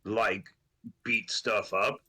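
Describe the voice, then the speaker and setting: A brawny arena brute voiced by a man, always up for a challenge and speaking in simple caveman grammar. His voice is low yet tense and bright. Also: steady tone, very slow, slightly rough, full character voice. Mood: eager. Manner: caveman grammar, third person. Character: brawny male arena brawler, eager for fights.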